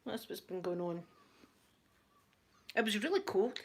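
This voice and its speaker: A woman's voice: mid-range voice, very animated, a little slow, slightly rough. A Scottish woman chatting casually to her viewers at home through a laptop, self-mocking and laughing often. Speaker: ASMR vlogger.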